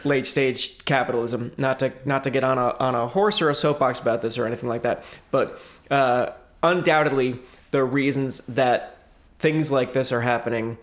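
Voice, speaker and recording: A man's voice: medium pitch, steady tone, moderate pace. A man co-hosting a podcast, talking in a wry, earnest way with hesitant restarts. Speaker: podcast co-host. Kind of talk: casual chat.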